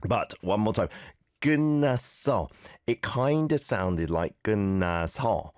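A man hosting a casual radio language lesson from a studio, animated as he corrects pronunciation with repeated examples. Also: low-pitched, normal speed, dry recording. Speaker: radio host teaching Korean.

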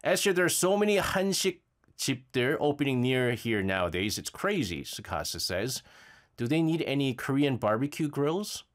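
Male radio host, animated pitch, rambling, filler-heavy casual chat, studio. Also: moderate pace. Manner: lively, rambling, frequent fillers and stammers. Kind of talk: casual radio chat reading listener messages.

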